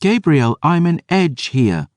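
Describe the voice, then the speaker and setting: A man's voice: fairly high pitch, sing-song, takes it slowly, darkish tone, no room sound, studio quality, pitched above the performer's own voice. A man doing a fierce, defiant teenage girl. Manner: pleading, insistent.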